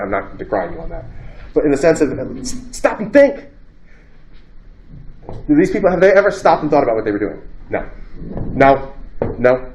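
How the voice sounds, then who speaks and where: A man's voice: fairly high pitch, roomy sound, a little hiss or hum. A man giving a casual philosophy lecture to a class, talking conversationally and acting out quotes in a raised voice.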